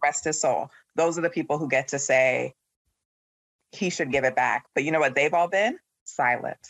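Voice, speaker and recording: A man's voice: a little high, moderate pace, creaky, fairly bright tone, dry recording. A man in his thirties hosting a casual chat with friends, opinionated and sarcastic as he tells things with animation. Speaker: podcast host.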